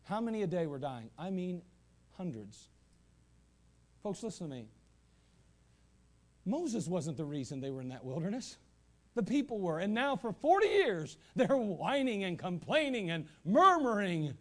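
Guy pastor preaching, high voice, swings up and down a lot, keeps repeating himself. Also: unhurried, pauses often. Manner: animated preaching with asides and repetition. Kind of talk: sermon. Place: church sanctuary.

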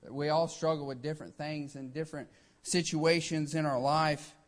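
A man's voice: a little high, fairly even intonation, moderate pace. A man preaching a sermon with emphatic delivery, often starting lines with "hey" and acting out quotes.

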